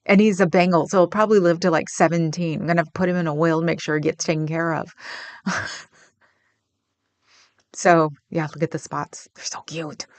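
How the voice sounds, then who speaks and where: Her voice is low-pitched and a little mellow, steady in tone at normal speed with long pauses, and there's no room sound. She's a livestream host from the Bay Area, answering viewers in a rambling, chatty chat full of laughs.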